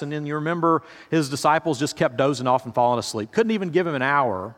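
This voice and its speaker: A man's voice: a little high, expressive, quick pace, hardly any pauses, fairly bright tone. A male pastor preaching a sermon in a conversational, storytelling way, speaking straight to his listeners. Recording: reverberant hall.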